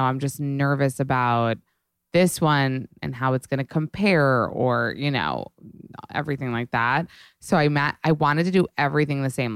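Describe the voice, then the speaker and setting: A young woman hosting a podcast, chatting casually and excitedly, with lots of swearing and filler words. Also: very deep voice, smooth, no echo, studio quality. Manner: gushing and fast, heavy swearing and "like". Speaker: podcast host. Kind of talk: casual chat.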